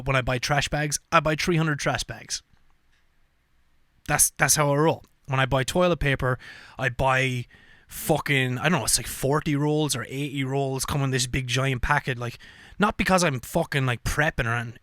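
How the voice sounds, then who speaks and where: Bright-voiced man ranting casually. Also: mid-range voice, dry recording, clean studio sound. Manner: profane, animated rants with frequent fillers. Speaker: podcast host.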